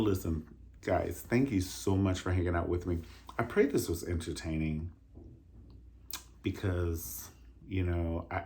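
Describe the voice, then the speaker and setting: Animated, chatty man with a deep voice. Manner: animated, chatty, vocalizes drum rhythms and says "honey". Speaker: vlogger reviewing a dance concert. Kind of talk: casual chat.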